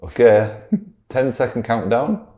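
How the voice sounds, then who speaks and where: A man's voice: medium pitch, very animated, slow, warm tone, a little hiss or hum. A man playing a lonely earnest male scientist in his own voice on an improvised comedy podcast, talking fondly and reassuringly.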